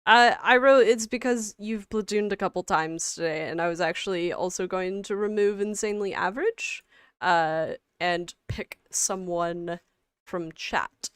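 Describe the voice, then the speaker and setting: A woman co-hosting a game livestream in casual chat, halting and full of fillers and restarts. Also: medium pitch, a bit bright, clean tone, no room sound, studio quality. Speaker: stream co-host.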